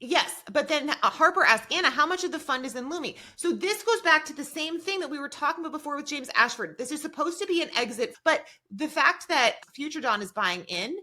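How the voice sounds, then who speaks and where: A woman co-hosting a podcast, talking through a TV episode in lively, casual chat. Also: sits high. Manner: lively, quick affirming interjections. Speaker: podcast co-host.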